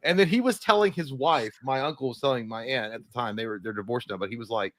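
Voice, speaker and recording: A man's voice: mid-range voice, lively intonation, fast talker, hardly any pauses, bright, forceful tone, no echo. Rambling self-mocking man. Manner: rambling, self-mocking storytelling with voiced impressions. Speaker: podcast co-host. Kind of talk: casual chat.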